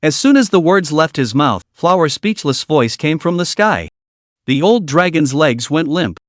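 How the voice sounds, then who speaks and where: A man reads a fantasy comic recap aloud. His voice sits slightly high and the recording is dry and close. He keeps an even, steady delivery. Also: moderate pace, no room sound. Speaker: narrator. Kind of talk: scripted story recap narration.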